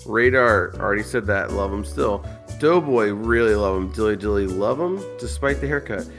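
A man's voice: lowish voice, moderate pace, fairly bright tone, faint music behind. A drunk man co-hosting a podcast, rambling and swearing in casual chat. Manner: rambling, profane. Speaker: podcast co-host.

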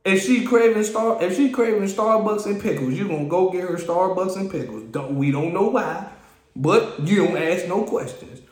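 A man hosting a solo podcast, ranting in an animated, exasperated way and often repeating and restarting his phrases. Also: sits high, moderate pace, reverberant. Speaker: podcast host. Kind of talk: casual solo podcast rant.

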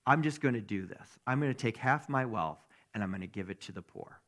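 Man doing an earnest repentant tax collector, plainspoken, a bit low. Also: animated, brisk, a bit bright.

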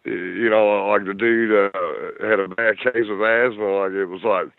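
A middle-aged man from Kentucky with a Kentucky accent, telling a story in a halting way full of fillers and restarts. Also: on the low side, fairly even intonation, no room sound. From Louisville, Kentucky. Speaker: guest telling encounter story. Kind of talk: casual storytelling. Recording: tinny phone line.

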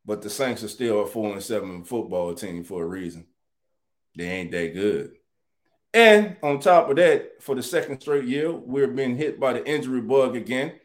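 A man hosting a casual live sports chat, animated and greeting viewers by name. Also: fairly low pitch, normal speed. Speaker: sports talk show host.

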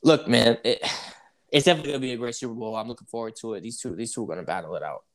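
A man's voice: medium pitch, rapid-fire, a bit bright. A man co-hosting a casual sports debate show, talking animatedly and repeating his points to hype the game.

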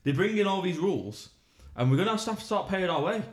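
A man co-hosting a podcast, chatting casually in an excitable, sweary, ranting way. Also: high voice, quick pace. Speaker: podcast co-host. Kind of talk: casual chat. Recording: echoey room.

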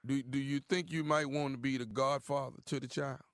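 A man on a radio prank call posing as a pushy caller who claims to be the father, needling and mock-calm. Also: mid-range voice, fairly quick, dry recording, clean studio sound, pitched below the performer's own voice, natural voice.

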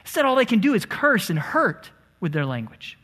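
A man's voice: sits high, very animated, moderate pace, fairly bright tone. A married man preaching a sermon in church, emphatic, sometimes dropping to a near-whisper on key phrases. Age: adult, married. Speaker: pastor. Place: church sanctuary.

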